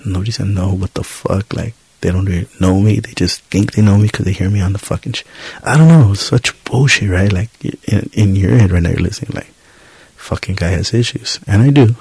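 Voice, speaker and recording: A young man speaks in a low, husky voice, a loose, profane ramble full of self-doubt and swearing. He talks straight into a close mic in a dry room. Gravelly fry runs through his lines. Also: fairly quick, a little mellow, no echo. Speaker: podcast host. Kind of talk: casual solo podcast monologue.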